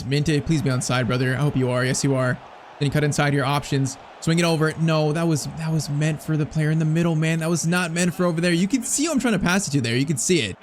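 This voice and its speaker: Fast excitable gaming commentator man. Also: on the high side, slight background noise. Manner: excitable, frustrated play-by-play with slang like bro and man. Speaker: gaming YouTuber. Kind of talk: live game commentary.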